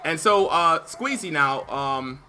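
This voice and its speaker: A man's voice: fairly high pitch, expressive, takes it slowly, a loud crowd. A man co-hosting a casual gaming chat, telling stories with energy and acting out other people's lines. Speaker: co-host, team captain.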